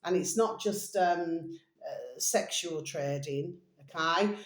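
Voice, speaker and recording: A woman's voice: deep voice, slow pace. A woman chatting in a rambling, affectionate way to her viewers, circling back to the same pet phrases. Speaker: vlogger. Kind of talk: casual rambling to-camera vlog. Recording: echoey room.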